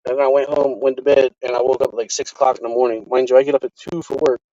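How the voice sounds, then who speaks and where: A man vlogging from his car, telling a casual, profane story in an animated way. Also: medium pitch, fast, no room sound. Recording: dry, slightly dull sound.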